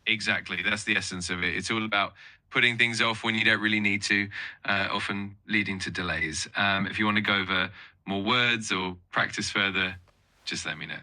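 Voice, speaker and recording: A man's voice: on the low side, steady tone, a little fast, pushed and bright, poor audio. A man tutoring English vocabulary, explaining word meanings patiently and encouraging the learner. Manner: encouraging, upbeat, offers more help.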